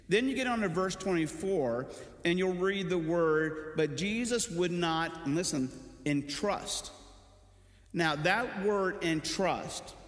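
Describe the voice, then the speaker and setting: A male pastor delivers a sermon in a loose, conversational manner, full of asides and sudden bursts of energy. His voice sits a bit high for a man and rings through a roomy hall with a long echo. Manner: conversational, animated preaching with asides.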